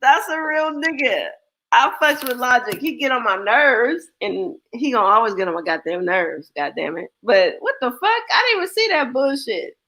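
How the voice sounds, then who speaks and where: A young adult woman hosting a livestream chats casually, telling blunt, profane tales and performing the voices of the people in them. Her fairly high voice is sing-song, pushed and bright, at a moderate pace.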